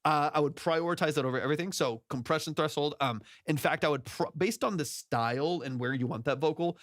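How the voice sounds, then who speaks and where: A man's voice: fairly high pitch, a bit bright, no echo. Casual male producer, dry close mic. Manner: loose, filler-heavy, demonstrating into his own mic. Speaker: music producer giving mix feedback. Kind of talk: casual livestream tutorial. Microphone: studio vocal mic through plugins.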